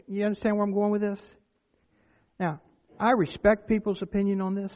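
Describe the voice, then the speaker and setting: A man's voice: sits high, little pitch movement, a little fast. A man preaching a sermon, telling stories and then building to emphatic points. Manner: storytelling, rises to emphatic exclamations. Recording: tinny phone-like sound.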